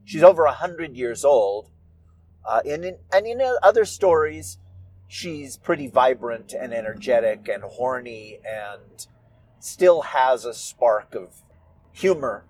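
Thoughtful man talking slowly. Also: medium pitch, a little mellow, breathy edge. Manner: thoughtful, halting, wandering phrasing. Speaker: author and audio performer of his stories. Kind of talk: reflective solo talk.

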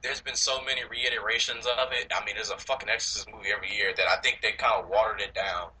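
A man's voice: on the low side, steady tone, quick pace, pushed and bright, low-quality recording. A man co-hosting a podcast, chatting casually about movies, rambling, swearing and laughing often. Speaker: podcast co-host.

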